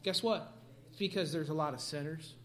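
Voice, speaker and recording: A man preaching a sermon, animated, swinging from quiet asides to sudden loud outbursts. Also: on the high side, a little fast. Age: adult parent.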